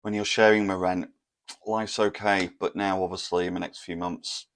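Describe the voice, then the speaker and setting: A man's voice: low-pitched, flat delivery, normal speed, slight background noise. A man in his thirties tells an embarrassing dating story to camera in a rambling, self-mocking way, full of fillers and asides. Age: 30s. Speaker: vlogger.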